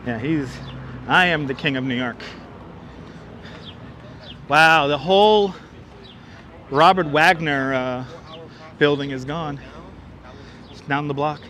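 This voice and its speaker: A chatty man hosting a walking livestream on a city street, with a high, bright voice. He jokes along as he reads comments aloud. A clip-on mic catches him, with faint traffic noise behind. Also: slow, pauses often. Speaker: livestream host. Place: outdoors on a city waterfront street. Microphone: wireless clip-on mic.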